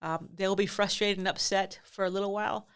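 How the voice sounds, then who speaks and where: A woman's voice: mid-range voice, fairly even intonation, a little fast, clean tone. A middle-aged woman hosting a podcast, giving earnest, emphatic parenting advice in a casual way, with many fillers and restarts. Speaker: podcast host and parenting advisor.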